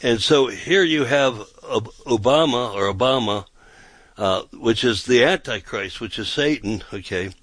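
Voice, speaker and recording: Rambling pastor, dry close sound. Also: male voice, medium pitch, lively intonation, measured pace, few pauses, a bit bright, dry recording. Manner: rambling and repetitive, often checking with "okay?". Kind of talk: conversational Bible teaching.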